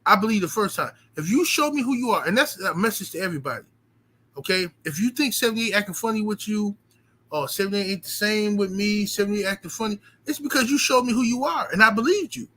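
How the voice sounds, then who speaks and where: A man's voice, high-pitched and piercingly bright, tells a story to his stream audience. His delivery is emphatic, animated and loaded with profanity. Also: fast, rough recording. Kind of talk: casual storytelling rant.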